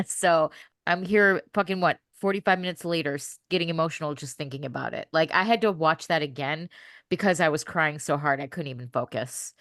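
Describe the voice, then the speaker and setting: A woman's voice: deep voice, fairly bright tone, dry recording, studio quality. A woman on a podcast panel who works in radio, talking candidly and effusively and swearing freely. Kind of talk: casual podcast chat.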